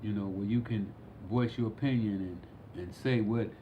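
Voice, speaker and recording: Low-voiced man, slow and reflective. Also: steady tone, lo-fi sound, a little hiss or hum. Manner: unhurried, with many fillers and restarts. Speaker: podcast guest. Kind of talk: casual conversation.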